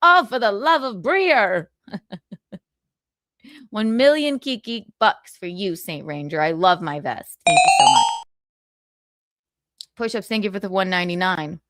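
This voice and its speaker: A woman hosting a casual livestream, reading viewer comments out loud in a brash, profane, giggly way. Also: mid-range voice, expressive, unhurried, pauses often, soft background music. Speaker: livestream host.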